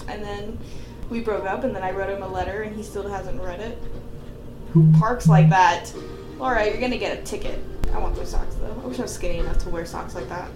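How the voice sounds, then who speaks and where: A young woman co-hosting a casual podcast who laughs loudly and often and swears freely while chatting about a movie. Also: mid-range voice, over music. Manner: loud, giggly, swearing, quick bursts of laughter. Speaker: podcast co-host. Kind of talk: casual chat watching a movie. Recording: echoey room with faint hiss.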